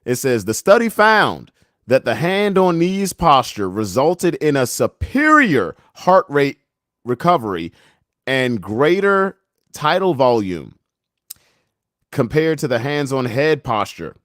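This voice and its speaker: A man's voice: medium pitch, very animated, slow pace, fairly bright tone, no echo, studio quality. Laid-back joking young man streaming. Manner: laid-back, joking, laughs often, swears. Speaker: livestream host. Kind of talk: casual livestream chat.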